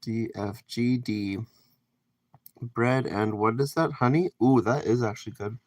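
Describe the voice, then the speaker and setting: A man's voice: mid-range voice, measured pace, dry recording. Man chatting casually with a live stream. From Canada. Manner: reads out and answers chat comments, rambling. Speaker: livestreamer. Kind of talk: casual live stream chat while cooking. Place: home kitchen.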